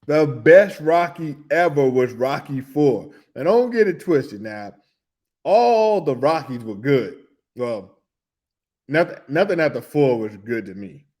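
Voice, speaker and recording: A middle-aged man hosting a podcast, telling a loose, animated story in casual slang, with laughs and restarts. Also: medium pitch, slow pace. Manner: animated, humming tunes and acting out reactions. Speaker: podcast host.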